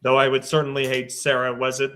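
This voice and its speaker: A man's voice: medium pitch, completely flat delivery, fast talker, fairly bright tone, a little hiss or hum. A man chatting casually as a guest on a podcast, rambling and searching aloud for names. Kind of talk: casual chat.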